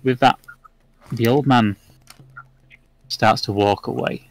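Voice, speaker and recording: A man narrating a tabletop game as dungeon master, in a relaxed, descriptive way. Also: medium pitch, slow, no echo, rough recording.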